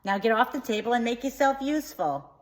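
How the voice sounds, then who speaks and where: A woman voicing a scolding mother in a high, exasperated screech. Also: animated, fast talker, close to an everyday voice.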